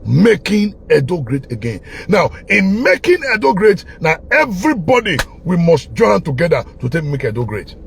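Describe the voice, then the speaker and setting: A man's voice: fairly high pitch, very animated, moderate pace, creaky, hardly any pauses, a little hiss or hum. A Nigerian man speaking with a Pidgin-flavoured accent, giving a passionate, preachy political monologue full of repetition. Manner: preachy, repetitive, with bursts of laughter and shouting. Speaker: online commentator.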